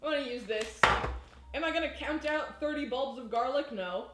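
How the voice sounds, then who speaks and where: A woman's voice: high-pitched, normal speed, very noisy. A woman chatting casually on a live cooking stream in her home kitchen, rambling and laughing often. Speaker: baking streamer. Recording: echoey room.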